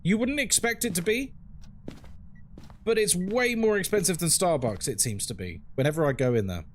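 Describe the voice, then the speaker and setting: A man's voice: high voice, expressive, normal speed, slight background noise. A man with a London accent, chatting frankly on a live game stream and answering his chat as he plays. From England.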